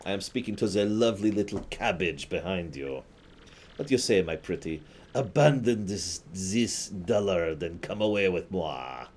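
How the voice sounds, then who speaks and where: A man's voice: low voice, expressive, moderate pace, a little mellow. A man voicing a smarmy male flirt from a video game, speaking with oily mock-French flourishes.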